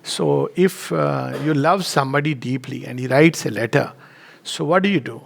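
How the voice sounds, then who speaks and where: A man giving a reflective spiritual talk, telling anecdotes in an unhurried way and chuckling often. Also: a little high, creaky.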